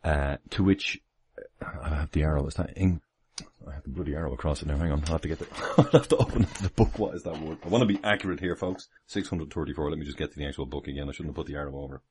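A man's voice: extremely low pitch, fast talker, a little mellow, a little hiss or hum. A man, chatting casually on a livestream from home with many chuckles and rambling asides. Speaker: livestream host. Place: home, near the kitchen.

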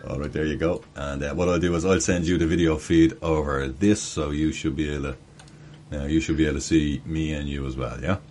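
A man's voice: rumbling low, steady tone, brisk, a little mellow, a little hiss or hum. An Irish man hosting a casual call-in show over a video call, chatty and jokey, laughing often. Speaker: host.

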